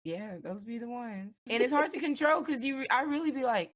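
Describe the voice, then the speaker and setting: Giggly woman co-host, lively voice. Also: high-pitched, fairly quick, hardly any pauses. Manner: giggly, rambling storytelling. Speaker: podcast co-host. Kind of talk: casual chat.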